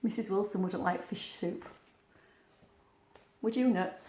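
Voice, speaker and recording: A woman's voice: medium pitch, slow pace, a little hiss or hum. A woman, a teacher reading a picture book to young children with playful asides to a puppet. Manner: animated, playful, sing-song, talks to the puppet. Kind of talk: storytime read-aloud with a puppet. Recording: roomy, echoey sound.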